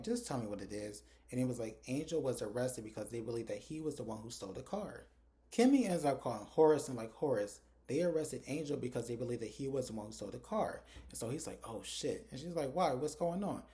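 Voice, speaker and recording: A man talks quickly through a review of a TV episode, recording himself on his phone. His voice is dark and mellow, and he slips the characters' lines into his quick recap. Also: medium pitch, lively intonation. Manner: retells scenes, acting out characters' lines in quick quotes. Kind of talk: casual recap. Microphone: phone camera.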